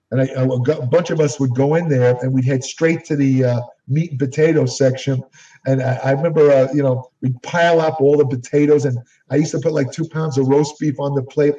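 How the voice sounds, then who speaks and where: A man's voice: medium pitch, mellow. An older man, an interview guest, telling rambling stories and correcting himself as he goes. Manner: rambling, self-correcting storyteller. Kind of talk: anecdotal storytelling. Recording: distant, dull lo-fi audio.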